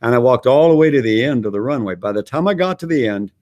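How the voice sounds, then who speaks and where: A man's voice: mid-range voice, expressive, quick pace, a little mellow, muffled recording. A man speaking at a conference, telling a story with acted-out dialogue and repeating himself for emphasis. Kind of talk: animated storytelling.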